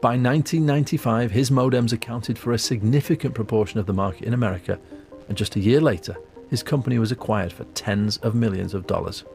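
A man delivering measured, scripted documentary narration in a storytelling manner. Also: mid-range voice, gravelly, a little mellow, soft background music.

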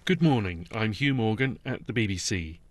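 A man reading a radio news bulletin in a measured, formal way. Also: lowish voice, animated, no echo. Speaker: newsreader. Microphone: studio microphone.

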